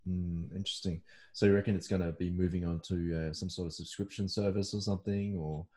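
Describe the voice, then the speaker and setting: A man's voice: low voice, little pitch movement, fairly quick, warm tone. A man hosting an interview, asking questions and giving brief responses. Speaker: interviewer, host.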